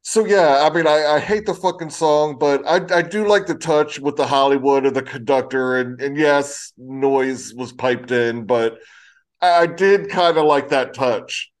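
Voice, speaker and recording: A man's voice: medium pitch, measured pace. A man co-hosting a podcast, giving laid-back opinions on wrestling with joking swearing. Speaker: podcast co-host. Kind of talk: casual wrestling chat.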